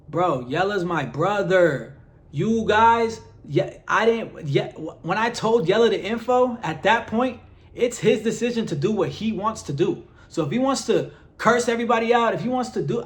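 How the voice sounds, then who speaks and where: A man vlogging straight to his followers, exasperated and firing off rhetorical questions with lots of "like" fillers. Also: high voice. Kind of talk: direct-to-camera vlog rant.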